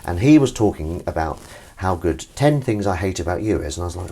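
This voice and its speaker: A man's voice: low-pitched, expressive, brisk, mellow, slightly rough. A man hosting a livestream while washing up, chatting in a rambling, self-deprecating way and reading out viewers' comments. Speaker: livestream host. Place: home kitchen at the sink. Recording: kitchen with clattering dishes and cutlery behind.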